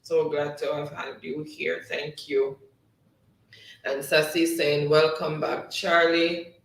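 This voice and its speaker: A man with a fairly high voice hosts a live trivia stream, reading out viewer comments at an unhurried pace. He is chatty and often laughs along. His voice sits back from the mic in an echoey room. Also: level tone, vocal fry, a bit bright, far from the mic. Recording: roomy sound, voice set back from the mic.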